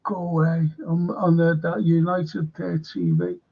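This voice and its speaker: Male stream host, slow, gravelly indignant rant, muffled lo-fi audio. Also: a little high, big pitch swings. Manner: rambling, indignant, swearing, reads viewer comments aloud. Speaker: show host. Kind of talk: casual livestream rant.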